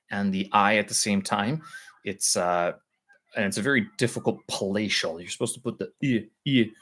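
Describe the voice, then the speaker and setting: A man on a live stream, thinking aloud with halting speech as he explains language points to his viewers. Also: on the low side. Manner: halting, searching for words with many pauses.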